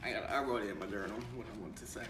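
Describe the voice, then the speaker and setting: A young man, a teacher, telling stories from his first year in a casual, animated vlog, acting out the voices he quotes and laughing often. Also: lowish voice, racing. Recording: echoey room with faint ambient noise.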